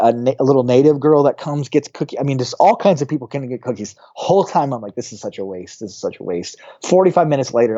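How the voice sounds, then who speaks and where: A man, a pastor, telling a personal story as a guest on a podcast, animated and acting out the voices of people in it. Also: medium pitch, dull audio. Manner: animated storyteller who acts out quoted voices.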